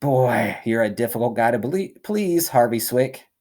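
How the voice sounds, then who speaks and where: Man as a sly smooth-talking tempter, wheedling salesman patter, storybook read-aloud. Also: mid-range voice, lively intonation, a little slow, a little mellow, natural voice.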